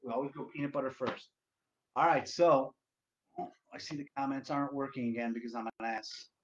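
A man hosting a casual solo livestream, loud and profane, rambling to his viewers. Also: medium pitch, fairly even intonation, fairly quick, slight background noise. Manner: loud, profane, rambling, sings along to music. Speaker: livestream host. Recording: dull lo-fi stream audio.

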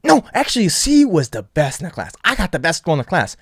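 A man's voice: huge pitch swings, breathy edge, no echo, clean studio sound, heavily acted. A man voicing his teenage self, pleading and making excuses in a raised whiny voice. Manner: pleading, high-pitched and rushed.

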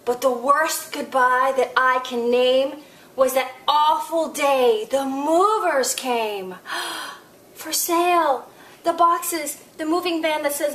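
A woman hosting a children's story time, reading a picture book aloud in an expressive, sing-song way with playful asides. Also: high-pitched, slow.

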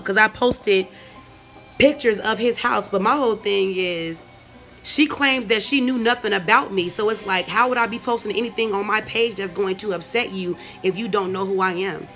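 A woman's voice: mid-range voice, moderate pace, fairly bright tone, soft background music. A woman, ranting in a profane, scornful vlog and reading out messages. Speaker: vlogger.

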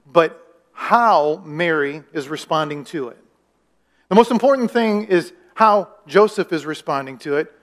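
Man, pastor, high voice, casual sermon, asks the congregation questions, acts out quotes.

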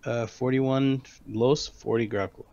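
A man's voice: mid-range voice, fairly even intonation, unhurried, dark tone, highs cut off. A man playing a tabletop game, asking hesitant rules questions in casual talk. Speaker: player.

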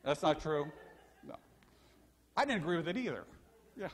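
A man's voice: fairly high pitch, normal speed. An older man, a pastor, preaching a sermon, telling stories and asking the congregation questions. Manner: animated storytelling preacher, asks the congregation questions. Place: church sanctuary. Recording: long church hall reverb.

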